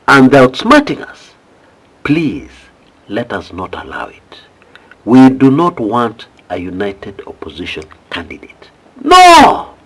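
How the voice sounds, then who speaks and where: A man's voice: medium pitch, breathy edge. A man with a Kenyan accent giving impassioned political commentary, pleading with his listeners and firing off rhetorical questions.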